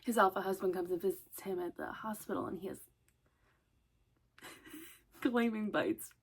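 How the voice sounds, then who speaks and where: A woman's voice: medium pitch, measured pace, breathy edge. A woman rambling casually in a vlog, chatty and swearing, often breaking into laughter. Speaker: vlogger.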